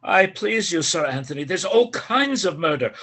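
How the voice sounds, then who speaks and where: Husky high-voiced man reading a frantic part. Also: expressive, normal speed, sharp tone. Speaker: volunteer reader playing a servant. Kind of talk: live play reading.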